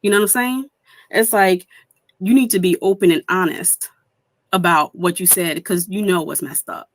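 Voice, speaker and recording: A woman's voice: fairly low pitch, moderate pace, dry recording. A young woman streamer giving heated commentary, indignant and swearing, mimicking people she quotes.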